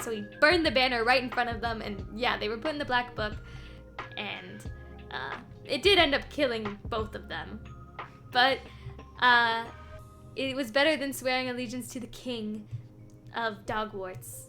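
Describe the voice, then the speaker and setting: A woman's voice: a little high, a little slow, pushed and bright, soft background music. A woman streamer chatting casually as she recaps a game series, rambling with lots of ums and small laughs. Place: home streaming setup.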